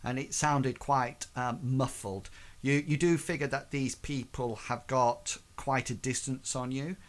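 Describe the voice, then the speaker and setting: Game master, male, mid-pitched, halting delivery full of restarts. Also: steady tone. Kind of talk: narrating a tabletop game.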